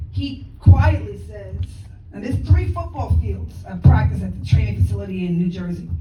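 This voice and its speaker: A woman guest speaker giving a motivational talk, telling a lively story, acting out conversations and laughing often. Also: mid-range voice, far from the mic, slight background noise. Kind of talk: motivational speech. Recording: echoey hall, speaker away from the mic.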